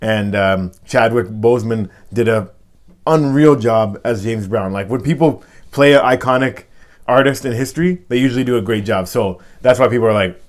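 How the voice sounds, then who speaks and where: A man hosts a relaxed podcast in a loose, joking way. He swears freely and keeps the talk casual. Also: medium pitch, moderate pace. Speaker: podcast host. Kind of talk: casual chat.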